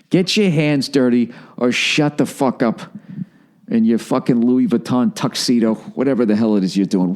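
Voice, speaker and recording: A man's voice: fairly low pitch, darkish tone. Profane, sarcastic man ranting on a podcast. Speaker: podcast host. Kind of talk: solo podcast rant. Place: home in Los Angeles.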